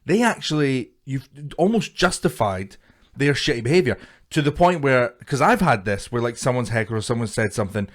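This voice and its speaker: A man's voice: mid-range voice, animated, a little fast. A young man co-hosting a podcast, chatting casually with plenty of swearing. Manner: sweary, backs the other host up with lots of yeahs. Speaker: podcast co-host. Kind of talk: casual chat.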